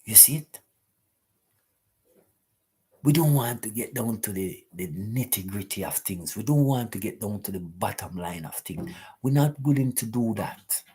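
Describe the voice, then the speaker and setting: A man's voice: lowish voice, lively intonation, measured pace, warm tone, slightly rough. A man hosting a live talk stream, preaching emphatically and repeating rhetorical questions to his listeners.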